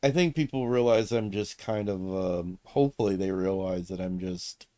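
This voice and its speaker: A man's voice: low voice, normal speed, warm tone, no echo. A man hosting a livestream, talking in a blunt, opinionated and emphatic way in casual chat. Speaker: streamer host.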